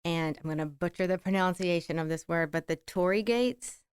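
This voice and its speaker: A woman's voice: fairly low pitch, brisk, clear, resonant tone, no room sound, clean studio sound. Reflective middle-aged woman with a country accent. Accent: American rural. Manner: reflective, rambling, laughs easily. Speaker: podcast co-host. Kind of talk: casual chat.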